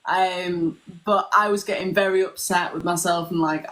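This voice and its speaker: A woman's voice: lowish voice, moderate pace, few pauses, a bit bright, low-quality recording. A young woman, chatting openly as a guest on a live stream and laughing easily. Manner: friendly, laughs easily, frank. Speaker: guest, former patient. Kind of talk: casual chat.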